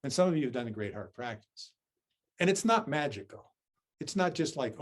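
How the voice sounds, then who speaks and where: A man with a Southern US accent gives a relaxed dharma talk as a Zen teacher. He talks in a mid-pitched voice and tells a story at his own expense. He often turns to the listeners with a quick "right?" or "okay?". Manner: self-deprecating, storytelling.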